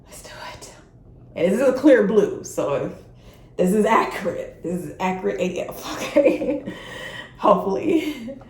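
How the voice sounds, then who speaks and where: A woman's voice: medium pitch, very animated, normal speed, darkish tone. A woman talking casually and openly to her viewers in a personal vlog, with plenty of feeling in her voice. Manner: chatty and openly emotional, speaks directly to viewers. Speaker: vlogger. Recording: roomy, a bit distant from the mic, faint hiss.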